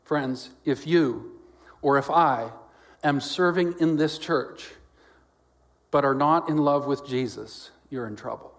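A male pastor delivers a lively sermon in a slightly higher-than-usual voice. He swings from loud, emphatic lines down to quiet asides and playfully acts out the voices of others. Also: slow. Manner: animated preaching, swinging from loud exclamations to quiet lowered lines; acts out quoted voices with jokes and laughs.

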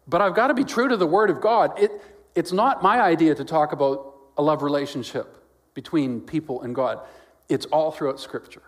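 Animated male pastor preaching a sermon. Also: moderate pace. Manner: animated preaching, swinging from loud exclamations to quiet lowered lines; acts out quoted voices with jokes and laughs.

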